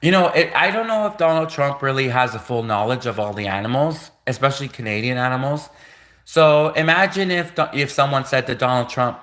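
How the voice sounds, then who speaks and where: A man's voice: medium pitch, lively intonation, moderate pace, fairly bright tone. A man live-streaming a casual, rambling monologue, repeating himself and laughing at his own jokes.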